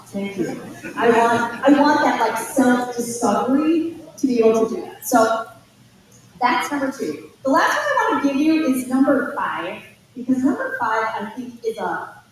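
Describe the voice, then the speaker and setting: A woman giving an informal college admissions talk, telling chatty, animated stories with lots of asides. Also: fairly high pitch, moderate pace. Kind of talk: informal presentation to parents and students. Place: school auditorium. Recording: echoey hall from far off, faint noise.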